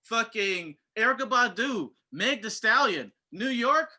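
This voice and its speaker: A man with a high, very bright, sharp voice trades in sarcasm during casual comedic banter. His jabs are profane and deadpan. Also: measured pace. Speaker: comedian panelist.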